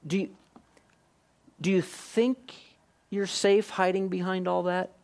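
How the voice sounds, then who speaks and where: A man preaching a sermon, questioning his listeners directly and moving between hushed and emphatic delivery. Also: high voice, flat delivery, slow pace. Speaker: pastor.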